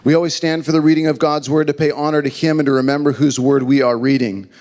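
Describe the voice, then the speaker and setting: A man's voice: on the high side, flat delivery, quick pace, a little mellow, in a large hall. A man preaching a sermon as the pastor of his church, earnest and conversational, telling a joke along the way. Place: church building.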